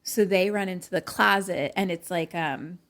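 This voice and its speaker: Young woman, lower-pitched, chatty podcast co-host, retells plots with filler words and acted-out quotes. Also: moderate pace, a bit bright. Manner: chatty, many "like"s, acts out lines from the film. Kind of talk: casual chat, retelling a movie plot.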